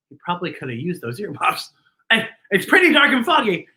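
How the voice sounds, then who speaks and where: Bright, animated woman reading to kids. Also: medium pitch, a little fast. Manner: animated, exclamatory, talks to kids directly. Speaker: children's storytime host. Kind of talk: picture book read-aloud.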